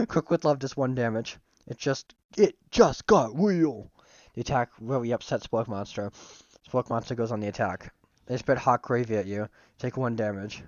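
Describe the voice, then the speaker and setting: A man's voice: mid-range voice, a little mellow, no echo, muffled recording. A man streaming a casual game playthrough, reading the text aloud and joking and swearing at it.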